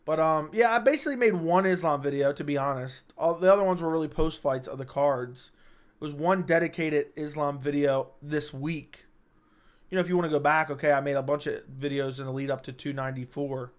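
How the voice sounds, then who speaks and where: A man hosting a casual livestream chat, talking in an animated, emphatic way, repeating himself and swearing freely. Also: fairly high pitch, fairly quick. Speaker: livestream host. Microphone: studio microphone.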